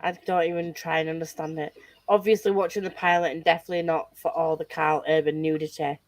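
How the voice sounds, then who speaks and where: A woman's voice: low voice, level tone, quick pace, no echo. A woman hosting a casual chat with friends, teasing and laughing often. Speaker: channel host.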